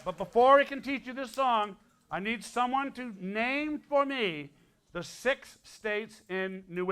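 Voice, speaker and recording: A man's voice: sits high, a bit bright, smooth. A man in his sixties from Connecticut, a folk musician joking and teasing his way through stage patter for a school audience. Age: 60s. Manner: playful, teasing, quick asides. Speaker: folk musician and guest performer. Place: school hall, live audience.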